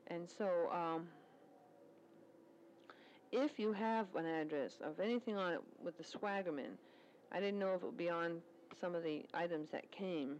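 A woman's voice: lowish voice, darkish tone, slight background noise, poor audio. A woman recording a spoken letter, chatting in a rambling, storytelling way about her work at a military service club.

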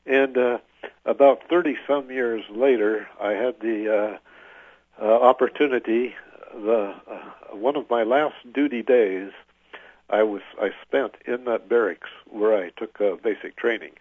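An older man, a veteran, recalling his service in an oral history interview, halting with many filler pauses. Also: medium pitch, dry recording. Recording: tinny phone-like line, dry.

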